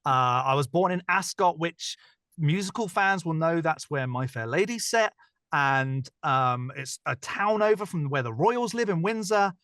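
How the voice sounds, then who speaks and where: A man from England with a Southern English accent, a guest chatting casually and joking with quick asides. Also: a little high, expressive, a bit bright, dry recording, studio quality. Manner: jokey, laughs easily, quick asides. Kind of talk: casual podcast chat.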